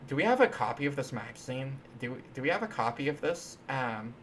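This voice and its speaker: Man, stream host, casual coding chat, bright tone, halting and playful, faint hiss. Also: mid-range voice, big pitch swings. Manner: rambling, halting, playful, many restarts and fillers. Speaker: livestream host.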